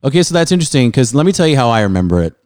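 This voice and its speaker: A man's voice: medium pitch, sing-song, very fast, a little mellow, dry recording, clean studio sound. A middle-aged man hosting his music show, chatting eagerly with an old friend and rambling with many restarts and fillers. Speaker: podcast host. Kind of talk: casual chat.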